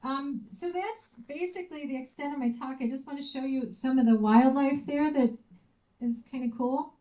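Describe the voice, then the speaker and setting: Dark-voiced American woman telling stories. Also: high voice, moderate pace, poor audio. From United States. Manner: lively storytelling, acts out quoted dialogue. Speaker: visiting researcher giving a lecture. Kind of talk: conference talk with personal anecdotes. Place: university lecture room.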